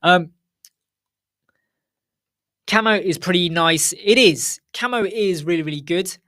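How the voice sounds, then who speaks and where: A man's voice: high voice, slow pace, pushed and bright. A middle-aged man hosting a casual live Q&A stream from home, talking frankly and straight to his viewers. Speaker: host.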